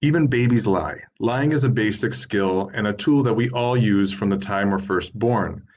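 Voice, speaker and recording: A man's voice: fairly low pitch, moderate pace, a little mellow. A man in his thirties giving an informal lecture at a workshop, explaining points steadily and listing them one by one as he reads from slides. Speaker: workshop presenter.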